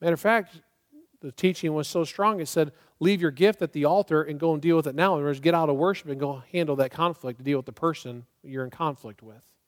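A middle-aged male pastor preaching a sermon in a church, emphatic and swinging from loud to soft and prayerful. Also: a little high, brisk. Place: church sanctuary.

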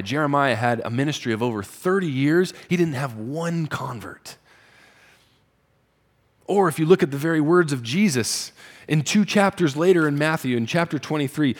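A man preaching a conversational sermon as pastor, rising in pitch and volume for emphasis.

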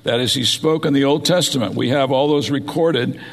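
A man's voice: mid-range voice, moderate pace, vocal fry, big-room sound. A man preaching a sermon, reading scripture aloud and explaining it verse by verse. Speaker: pastor.

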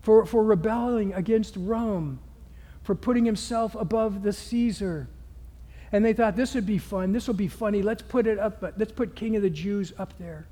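A man preaching a sermon, swinging from hushed, quiet passages to loud, emphatic ones. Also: high voice, normal speed, long reverb tail. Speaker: pastor.

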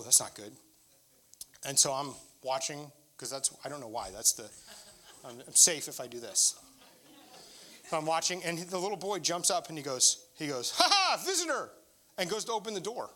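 A man's voice: a little high, bright, forceful tone. A middle-aged male pastor preaching a sermon in a candid, conversational storytelling way.

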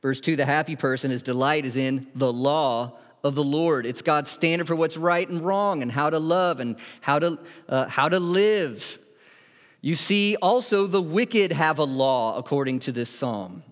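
A man in his thirties preaching a sermon as pastor, conversational and animated, with asides and acted-out quotes. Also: fairly high pitch, measured pace. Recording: echoey hall.

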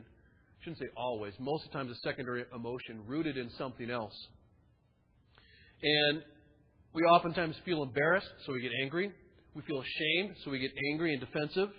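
Brief: male pastor, high and husky voice, chatty sermon, dull sound in a reverberant church hall. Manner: conversational preaching with asides.

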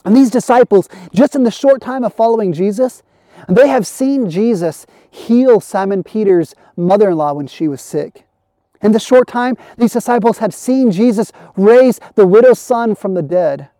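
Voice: mid-range voice, animated, moderate pace, dark tone, no echo, studio quality. A pastor preaching an earnest sermon for an online service, building through repeated phrases.

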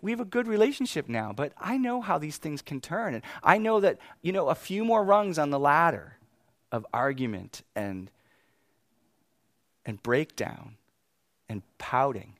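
A man in his thirties preaching, telling a family story with animated swings between exasperated outbursts and quiet reflection. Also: on the high side, no room sound, clean studio sound. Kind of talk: sermon storytelling.

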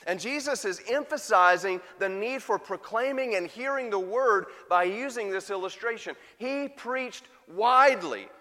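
Bright-voiced preacher in a reverberant hall. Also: male voice, high voice, moderate pace, hardly any pauses. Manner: rhetorical questions to the congregation. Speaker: pastor. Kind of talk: sermon.

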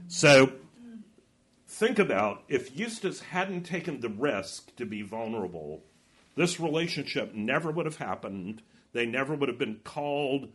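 A man's voice: medium pitch, very animated, unhurried, fairly bright tone. A man leading a Bible study, reading a novel aloud and reflecting on it. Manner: reflective, reads passages then comments.

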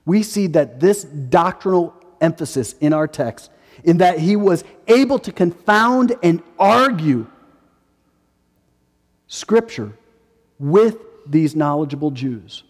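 A man's voice: fairly high pitch, expressive, slow, big-room sound. A man in his forties preaching a sermon as a pastor, emphatic and repeating his key phrases. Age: 40s.

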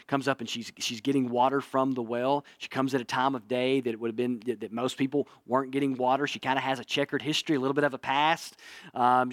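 A man's voice: on the high side, fairly bright tone, dry recording. A man preaching a sermon in an earnest way, often repeating himself and asking his listeners "right?". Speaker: pastor. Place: church.

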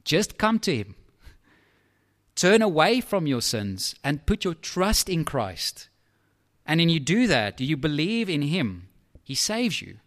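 A man preaching a sermon in a lively, conversational way, with asides to his listeners. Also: a little high, slow pace.

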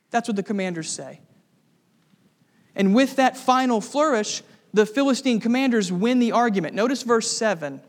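High-voiced preacher in a reverberant hall. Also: male voice, lively intonation, normal speed. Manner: emphatic, with rhetorical questions to the congregation. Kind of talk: expository sermon.

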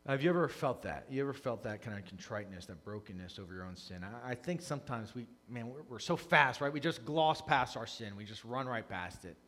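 A man preaching a conversational sermon as a pastor, earnest, dropping to hushed confession and rising to loud emphasis. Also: mid-range voice, animated, a little fast, few pauses. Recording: long reverb of a large hall.

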